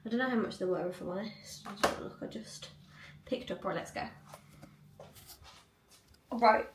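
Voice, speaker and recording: A woman's voice: medium pitch, moderate pace, reverberant, distant mic, very noisy. A young woman vlogging in casual chat at home, rambling, with lots of likes and ums. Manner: chatty, rambling, many fillers. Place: cluttered home room.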